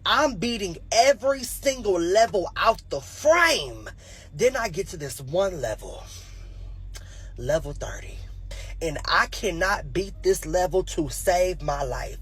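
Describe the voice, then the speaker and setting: Young man, husky, lively swooping delivery, comic storytelling, acts out voices. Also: high voice, takes it slowly. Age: 20s. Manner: animated, acts out voices, laughs at own jokes. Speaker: comedian. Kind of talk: stand-up storytelling.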